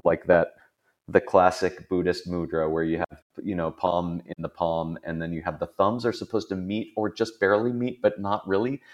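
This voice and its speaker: A man hosting a podcast in casual chat, rambling and self-deprecating, laughing often. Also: sits low. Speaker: podcast host.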